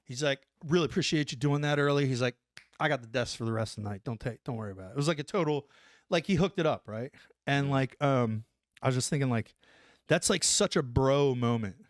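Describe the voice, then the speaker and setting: A man's voice: medium pitch, a little fast, no echo. Male ex-Ranger guest, casual and profane storyteller, mid-range voice, dry close mic. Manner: animated, profane storyteller acting out dialogue. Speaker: former Army Ranger guest.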